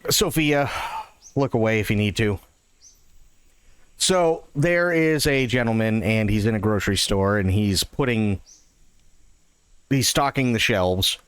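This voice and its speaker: A man live-streaming a game, chatting casually and telling jokes in a profane, expressive way into a close microphone. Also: fairly low pitch, unhurried, long pauses, smooth, no room sound.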